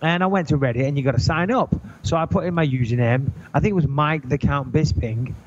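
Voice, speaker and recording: A man co-hosting a podcast, telling an animated, indignant story in casual chat. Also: a little high, fairly quick. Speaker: podcast co-host. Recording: dull lo-fi podcast audio.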